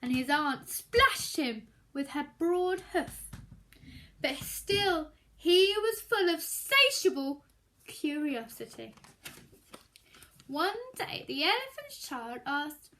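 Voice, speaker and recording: A woman's voice: sits high, sing-song, takes it slowly, fairly bright tone, a little hiss or hum. A woman reading a children's story aloud at storytime, expressively, and stopping to explain words for young listeners. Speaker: storytime reader.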